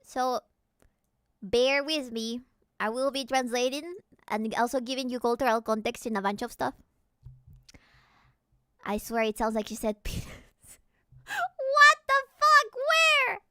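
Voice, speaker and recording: Woman from Peru, streamer, casual chat, animated, giggly, smooth clear voice, dry close sound. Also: on the high side, unhurried, long pauses, no room sound. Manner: animated, giggly, explains and translates.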